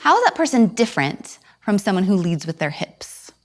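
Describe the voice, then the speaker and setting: Lively woman teaching acting at home. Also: normal speed. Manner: demonstrates voices while explaining, with sudden high and low swings. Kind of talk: home acting lesson addressed to viewers.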